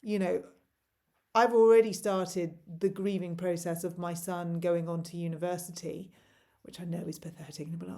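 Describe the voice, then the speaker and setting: A woman's voice: on the low side, moderate pace, long pauses, mellow. A woman in her forties, a parent vlogger, delivers an impassioned, pleading monologue to camera full of rhetorical questions.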